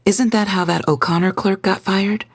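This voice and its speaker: A woman's voice: mid-range voice, steady tone, moderate pace, dry recording, pitched above the performer's own voice, lightly acted. A woman voicing a teasing young clerk.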